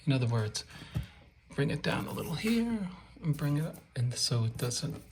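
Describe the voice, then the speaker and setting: A man's voice: on the high side, big pitch swings, moderate pace, noisy background. A man installing wallpaper and explaining it in a casual how-to tutorial, joking and playful, often dropping to a murmur while he works. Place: room being wallpapered, indoors.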